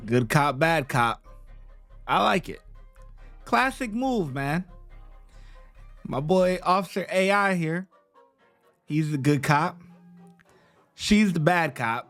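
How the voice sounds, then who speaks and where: A man's voice: high-pitched, expressive, takes it slowly, pauses often, a bit bright, faint music behind. A man hosting a reaction video, joking and laid-back, talking in slang. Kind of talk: casual reaction commentary.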